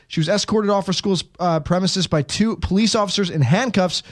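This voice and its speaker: Brief: male talk host, higher-pitched voice, wry jokey delivery. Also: a little fast. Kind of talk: casual podcast chat.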